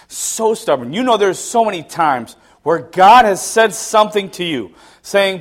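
A middle-aged man preaching a sermon, telling stories with self-mocking laughs, dropping to low mutters and rising to loud, high exclamations. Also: lively intonation, measured pace. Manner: laughs at himself between lines. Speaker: pastor.

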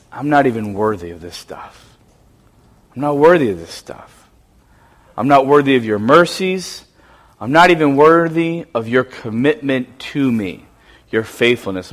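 A man preaching voices a frightened man praying in shame and fear, hushed and halting. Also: medium pitch, voice pushed down. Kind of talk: sermon, acted quote.

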